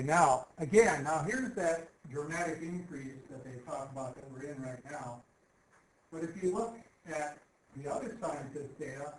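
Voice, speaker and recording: A man giving a casual classroom lecture, walking through slides with sarcastic asides and asking his listeners if they follow. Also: a little high. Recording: echoey room.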